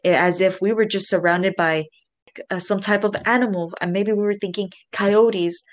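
A woman recounts her story in a loose, casual way, swearing freely and calling out to the listeners. Her voice sits at an ordinary middle pitch, and she talks in an animated way. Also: normal speed. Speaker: guest telling a story.

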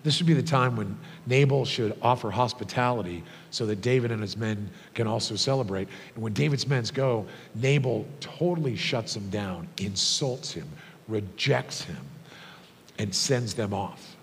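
A man preaching a sermon, telling stories in a conversational way with frequent fillers. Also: moderate pace. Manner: storytelling, conversational with many fillers. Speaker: pastor. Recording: long hall reverb, faint rumble.

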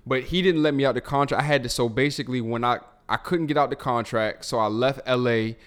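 A man in his thirties from Baltimore with a Baltimore accent, telling his story in a relaxed, rambling way with lots of fillers as the guest of an interview. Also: medium pitch, fast talker, clean tone. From Baltimore, Maryland. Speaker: guest, music producer and songwriter. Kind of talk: casual interview talk.

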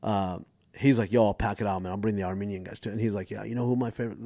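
A rapid-fire American comedian in his forties, with a lowish voice, guests on a casual podcast and tells animated stories, acting out the voices of people he quotes. The audio is clean studio sound with no echo.

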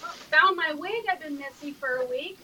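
A woman being interviewed as a guest cosplayer, chatting in an animated way and laughing often. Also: sits high, moderate pace, very noisy. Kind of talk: casual interview chat.

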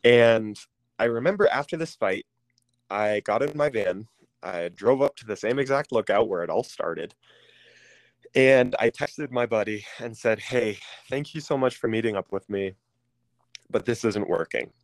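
A man candidly telling a personal story as an interview guest, pausing often with ums and restarting phrases. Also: lowish voice, no room sound. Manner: halting, with frequent ums and restarts.

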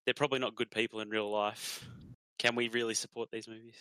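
A man's voice: fairly low pitch, flat delivery, brisk, pushed and bright, clean tone, dry recording. A man co-hosting a podcast, posing questions in a mock-serious tone. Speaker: podcast co-host. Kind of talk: casual chat.

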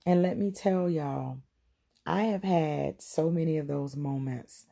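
Slow, gravelly-voiced woman sharing testimony. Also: sits low, mellow. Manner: heartfelt, speaks straight to listeners. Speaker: podcast host. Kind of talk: personal testimony.

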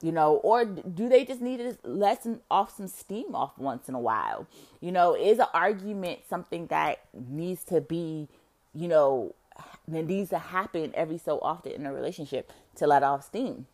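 A woman with a low-pitched voice that leaps around with lively, animated swings. She rambles through a casual monologue to her viewers, full of fillers and free swearing, dropping to a murmur and then rising to loud bursts. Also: moderate pace. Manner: rambling, musing, swears freely, many fillers. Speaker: vlogger.

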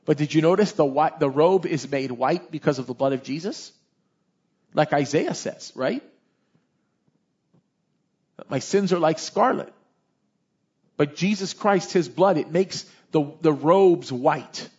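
A male pastor preaching a sermon in a lively, conversational way, often tossing in "right?" asides. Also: fairly high pitch, measured pace, breathy edge, dull audio.

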